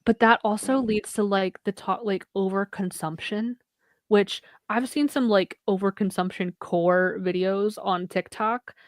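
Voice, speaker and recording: A woman's voice: medium pitch, fairly even intonation, unhurried, no room sound, studio quality. A young woman co-hosting a podcast in casual chat, rambling along with many "like" fillers. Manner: rambling, heavy use of "like" as a filler. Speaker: podcast co-host.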